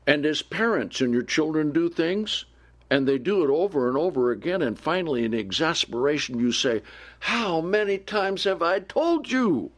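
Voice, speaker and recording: Slow, lively-voiced man preaching. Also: medium pitch. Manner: asks the listeners questions and answers them; reads scripture aloud with slow emphasis. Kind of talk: Bible teaching sermon.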